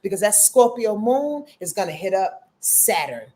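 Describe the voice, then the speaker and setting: A woman in her fifties giving a casual astrology forecast, slangy and profane, calling her listeners y'all and swinging between loud outbursts and soft murmurs. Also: mid-range voice, big pitch swings, moderate pace. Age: 50s. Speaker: astrology host.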